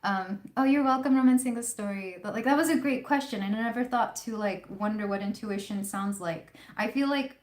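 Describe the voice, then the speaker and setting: A woman's voice: a little high, a little fast, few pauses, darkish tone. A woman hosting a live tarot reading, chatting casually and rambling with fillers. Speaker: tarot reader hosting a livestream. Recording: roomy echo.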